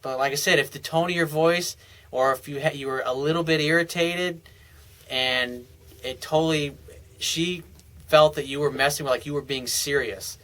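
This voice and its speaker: A man's voice: a little high, normal speed, pushed and bright, low-quality recording. A man giving casual, blunt dating advice as a coach, answering a viewer's email in a conversational monologue.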